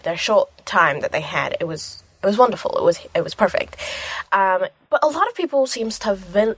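A woman's voice: lowish voice, no room sound. A young woman chatting casually about a film she loves. She gushes and rambles, with plenty of fillers. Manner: gushing, rambling, many fillers. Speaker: film reviewer. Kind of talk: casual vlog chat.

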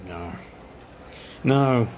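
A man playing a weary insomniac who answers hesitantly and quietly in a radio scene reading. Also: medium pitch, animated, drawn-out words, a little hiss or hum. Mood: subdued. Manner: hesitant, subdued.

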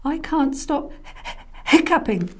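A woman's voice: high-pitched, expressive, slow, pitched above the performer's own voice. A woman voicing a fed-up male zoo lion with hiccups in a children's story, sounding sorry for himself. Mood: glum.

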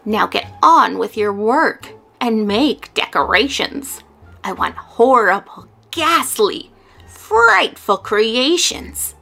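A woman's voice: on the high side, big pitch swings, slow pace, gravelly, sharp tone, soft background music, full character voice. A woman voicing a wicked, bossy old witch in a storybook reading, snapping and scolding.

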